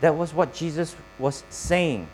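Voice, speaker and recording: A man preaching a sermon, pausing between phrases and quizzing his congregation. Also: fairly high pitch, darkish tone, slight background noise, poor audio. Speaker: pastor.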